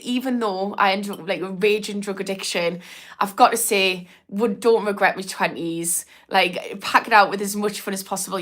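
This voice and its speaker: A woman's voice: mid-range voice, a bit bright. A young Geordie woman talks on her livestream as an addiction therapist, frank and chatty. She swears freely and laughs often as she reads out viewers' comments. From England. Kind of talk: casual livestream talk reading chat comments.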